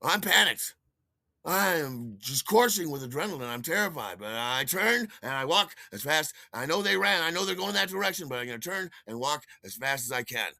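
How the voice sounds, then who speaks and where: A man in his sixties, a podcast host, telling a personal story in an animated way and acting out the dialogue. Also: on the high side, brisk, creaky, hardly any pauses, dry recording, clean studio sound. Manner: animated, acts out dialogue with shouted outbursts.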